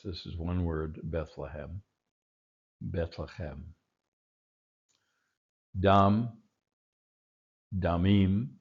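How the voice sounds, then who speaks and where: A man teaching a recorded Hebrew vocabulary lesson, patiently repeating each word slowly. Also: low voice, lo-fi sound.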